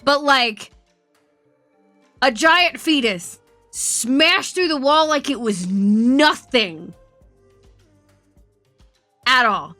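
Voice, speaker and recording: A woman streamer telling rambling, profane stories with a bright, forceful voice. She speaks a little higher than most women, and her voice is close and dry with faint music underneath. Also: animated, extremely slow, pauses often, dry recording. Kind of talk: casual stream chat. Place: home streaming setup.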